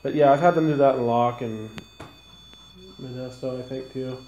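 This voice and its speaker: A woman's voice: very deep voice, fairly even intonation, moderate pace, mellow, lo-fi sound. A woman hosting a paranormal investigation, chatting with her group and speaking directly to spirits in an old hotel. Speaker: ghost hunting host. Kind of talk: casual paranormal investigation chat. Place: indoor room of an old hotel. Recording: echoey room, faint noise.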